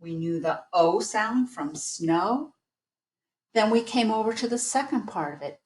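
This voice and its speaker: A woman teacher giving an online phonics lesson, patiently sounding out words slowly. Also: medium pitch, lively intonation. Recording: echoey room.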